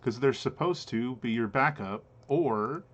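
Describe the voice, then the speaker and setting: A man running an online tabletop game as game master, pausing often with fillers as he explains the rules. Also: medium pitch, lively intonation, lo-fi sound. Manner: hesitant, many filler pauses while explaining rules.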